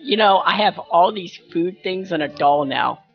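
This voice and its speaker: Easygoing man with a higher voice. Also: animated, normal speed, gravelly, highs cut off, faint music behind. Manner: easygoing, laughs often. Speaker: tabletop player. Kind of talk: casual game table chat.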